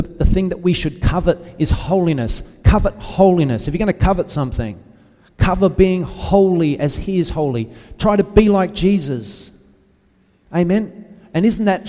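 A man's voice: on the high side, warm tone, big-room sound. A man preaching a sermon with emphatic, repetitive phrasing, calling out to the congregation for an amen. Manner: emphatic preaching, repeats key words, asks the congregation "Amen?".

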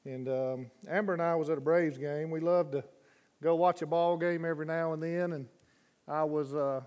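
A man preaching a sermon as a guest preacher in a church, folksy and chatty, rising to loud fervent scripture reading. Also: fairly high pitch, steady tone, moderate pace, clear, resonant tone, dull audio. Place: church sanctuary.

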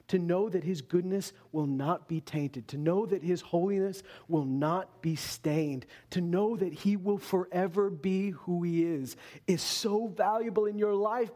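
A man with a notably high voice preaches a sermon. He lifts his pitch for emphatic lines, then drops to hushed, drawn-out phrases. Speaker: pastor.

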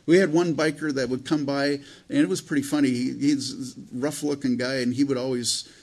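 Husky-voiced man preaching casually. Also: medium pitch, steady tone, fairly quick, a little mellow. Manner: conversational, rambling with restarts and fillers. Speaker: pastor. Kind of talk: sermon.

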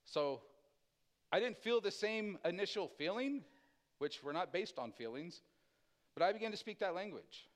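A middle-aged man preaching in a relaxed, conversational way, telling his own story from the pulpit. His voice sits a little higher than most men's, and he slips into different voices for the people he quotes. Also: moderate pace, long pauses. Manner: casual, animated storyteller acting out quoted voices. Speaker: pastor. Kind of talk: sermon testimony storytelling.

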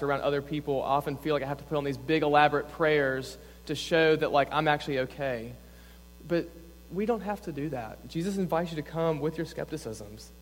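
There's slight background noise and long reverb from a church hall as this young adult campus pastor gives his sermon. His voice is on the high side. He keeps things earnest and conversational, saying "like" often.

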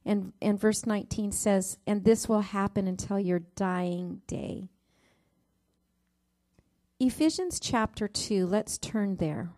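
Woman preaching a sermon, mellow voice. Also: mid-range voice, slow. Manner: warm storytelling with Bible reading, rising emphasis on verse numbers.

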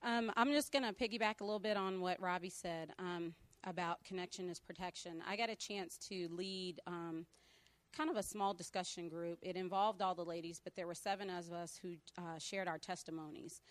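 A woman's voice: lowish voice, fairly even intonation, normal speed. A woman who led a small discussion group at a retreat, speaking conversationally to a church congregation. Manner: conversational, with fillers. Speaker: women's retreat group leader. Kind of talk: spoken testimony.

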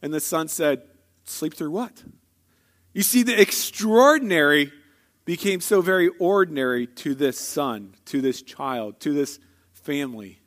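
Guy pastor w a higher voice, preaching like he's just chatting, lots of "right?" and "is it?" questions. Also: expressive, measured pace, a bit bright. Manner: storytelling, conversational preaching with rhetorical questions. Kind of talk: sermon.

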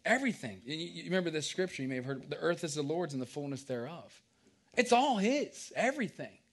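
A man's voice: fairly high pitch, slightly rough. A man preaching a casual sermon, joking and asking the congregation questions.

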